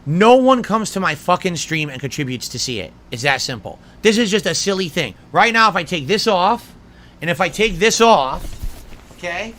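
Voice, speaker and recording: A man's voice: high-pitched, big pitch swings, normal speed, fairly bright tone. A man livestreaming, talking defensively to his chat in an indignant, sarcastic way. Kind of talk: defensive talk to stream chat.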